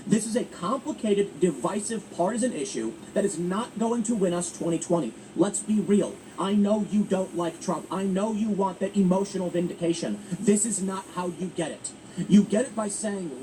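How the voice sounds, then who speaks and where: A man hosting political commentary, talking in an emphatic, animated way with frequent restarts. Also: high-pitched, normal speed. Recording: distant mic with faint ambient noise.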